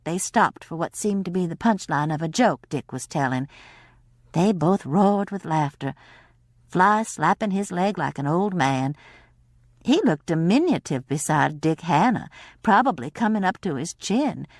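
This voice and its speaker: A woman narrating an audiobook in a wry, expressive way. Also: on the low side, moderate pace, no echo, studio quality. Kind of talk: scripted narration.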